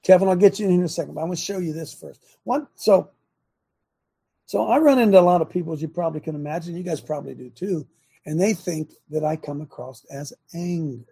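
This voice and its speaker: A man's voice: fairly high pitch, fast, gravelly, warm tone, slightly rough. An older man hosting a faith talk show, preaching fiercely and firing off rhetorical questions to his audience. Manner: fiery, keeps asking rhetorical questions.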